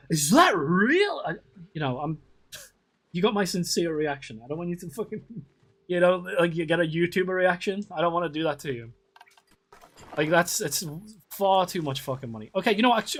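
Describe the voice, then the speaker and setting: A man streaming a zoo-building game, chatting casually with viewers in a rambling way, restarting sentences and swearing often. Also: a little high. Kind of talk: casual live-stream chat.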